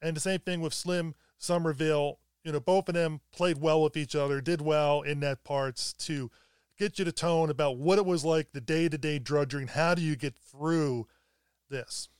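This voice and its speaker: A man chats about films in a casual podcast, conversational and sometimes repeating words as he hunts for the right one. His voice is somewhat high and smooth. The sound is dry and close. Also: fairly even intonation, moderate pace, a little mellow, no room sound. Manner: conversational, repeats words while searching for them. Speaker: film discussion co-host.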